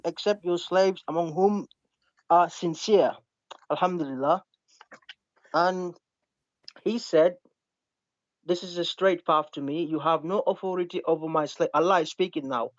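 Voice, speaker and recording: A man's voice: high-pitched, dry recording. Man, online debater, insistent, reads verses aloud, dull dry sound. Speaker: Muslim debater.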